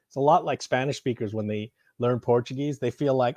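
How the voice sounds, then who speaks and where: A man chatting casually on a live stream while unboxing, excitable and rambling, swearing freely. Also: medium pitch, a little fast, dry recording. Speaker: streamer unboxing and answering chat.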